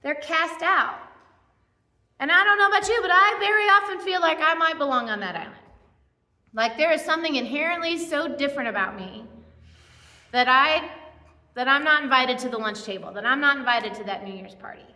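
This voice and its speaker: Chatty high-voiced woman pastor, echoey hall. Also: moderate pace, pauses often, bright, forceful tone. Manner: chatty, self-deprecating, many asides and fillers. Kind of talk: conversational sermon. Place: church. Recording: echoey church hall with long reverb.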